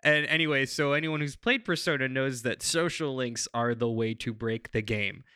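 Man, podcast panelist; smooth, bright voice, joking and self-interrupting. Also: medium pitch, moderate pace, no echo, studio quality. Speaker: podcast panelist pitching a game. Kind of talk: comedic improv pitch.

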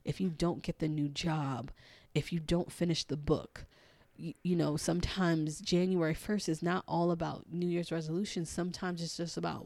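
A woman with a raspy, hoarse voice, hosting a casual solo podcast in a chatty, encouraging way. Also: on the low side, fairly even intonation, moderate pace, mellow, dry recording. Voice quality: raspy, losing her voice. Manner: chatty, encouraging, many ums and you-knows. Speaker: podcast host and life coach.

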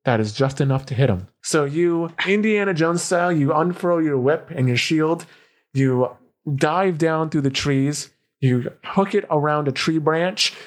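A man's voice: fairly high pitch, unhurried. A man running a tabletop game as game master, narrating the action in a playful way.

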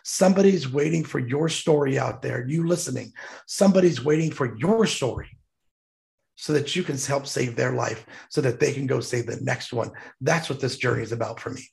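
Gravelly-voiced man, heartfelt storyteller. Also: mid-range voice, moderate pace, a little mellow. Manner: heartfelt, emphatic, choked up at times. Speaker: guest, military veteran. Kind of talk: emotional storytelling.

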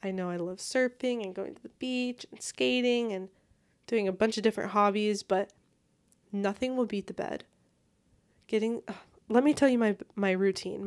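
A woman's voice: medium pitch, a little mellow. A young woman hosting a solo podcast, chatting in a bubbly, rambling and casual way while lying in bed at home. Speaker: podcast host.

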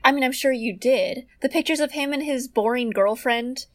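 A woman's voice: high voice, normal speed, dry recording. A woman co-hosting a casual chat podcast, eagerly telling stories. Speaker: podcast co-host.

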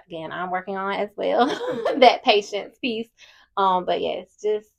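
A woman with a lowish, gravelly voice sharing her thoughts on faith in a relaxed, reflective way, laughing easily. The recording sounds dull and lo-fi. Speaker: podcast co-host, wife. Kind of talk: casual faith-based chat.

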